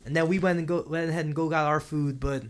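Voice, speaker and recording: Laid-back young man, slightly higher voice. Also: fairly even intonation, fast. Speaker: podcast co-host. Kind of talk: casual storytelling chat.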